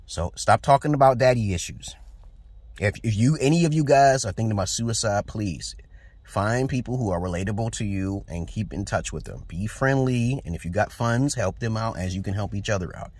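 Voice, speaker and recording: With a fairly low, expressive voice that's a little mellow and breathy, this Brooklyn vlogger in his forties speaks at a normal pace. His New York-accented rant to viewers is casual, preachy, blunt and profane.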